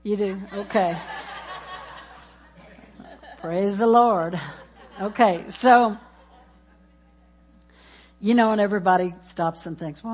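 A woman's voice: fairly low pitch, a little mellow, slightly rough. A woman preaching in church, exuberant and laughing as she chants scripture and calls out praise. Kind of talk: sermon.

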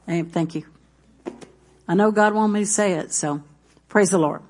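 A woman's voice: mid-range voice, normal speed, darkish tone. A middle-aged woman, preaching a sermon in a conversational way, with asides and restarts aimed at the congregation. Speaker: pastor.

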